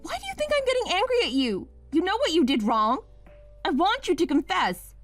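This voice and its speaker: A woman's voice: high voice, sing-song, moderate pace, faint music behind. A woman playing a wronged, furious wife. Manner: pleading, then accusing and sharp. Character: wife Mia, wounded then furious. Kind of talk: scripted drama voice acting.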